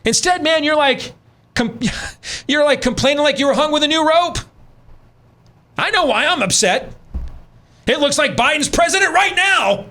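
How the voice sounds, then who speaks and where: Sarcastic ranting man, high and lively. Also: normal speed, pauses often. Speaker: talk show host. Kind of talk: radio talk show commentary.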